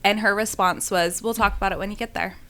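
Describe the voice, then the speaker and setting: A young woman hosts a casual podcast chat in a bright, crisp voice at a middle pitch. She asks questions that run on and fills them with "like." Her tone stays easygoing. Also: fairly even intonation, fast talker. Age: young adult. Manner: chatty, many "like" fillers, asks rambling questions. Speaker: podcast host.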